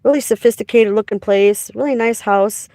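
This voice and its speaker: A woman's voice: fairly high pitch, normal speed, dark tone, dry recording, studio quality. A woman in her forties from Wisconsin, telling rambling, profane stories on a casual livestream from a parked car.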